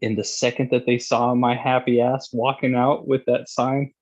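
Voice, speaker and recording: A man's voice: mid-range voice, level tone, normal speed, dull audio. A young man casually telling a long, profane, rambling story as a podcast host.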